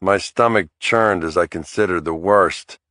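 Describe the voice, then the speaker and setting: A man narrating a thriller audiobook in the first person, in a wry, measured storytelling manner. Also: low-pitched, sharp tone, no room sound, studio quality.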